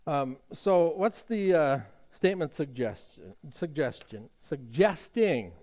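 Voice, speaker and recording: A man's voice: fairly high pitch, animated, slow pace, mellow. A middle-aged man preaching a sermon as pastor, talking in a conversational storytelling way with frequent fillers and restarts.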